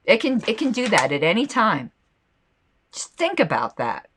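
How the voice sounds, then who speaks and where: A woman's voice: mid-range voice, wildly swooping pitch, moderate pace, fairly bright tone, a little hiss or hum. A woman hosting a solo podcast with a slight lisp, talking in a rambling, impassioned and indignant way between passages she reads aloud. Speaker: podcast host.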